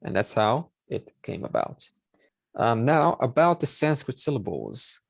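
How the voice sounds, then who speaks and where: A man's voice: mid-range voice, wildly swooping pitch, measured pace, vocal fry, slightly rough, no room sound. A man teaching a Sanskrit class online, explaining step by step and repeating key words with many fillers.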